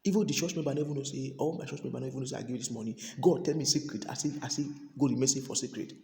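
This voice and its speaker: A man with a Nigerian accent preaching a sermon, repeating and restarting words, moving between loud exhortation and quiet asides. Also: mid-range voice, rapid-fire. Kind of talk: sermon in Pidgin. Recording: echoey hall reverb.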